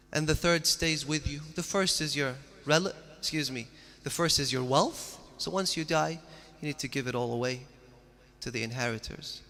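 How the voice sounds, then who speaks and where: A man's voice: fairly high pitch, sharp tone. A man giving a religious sermon, telling stories with earnest, rising emphasis. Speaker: preacher. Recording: long hall reverb.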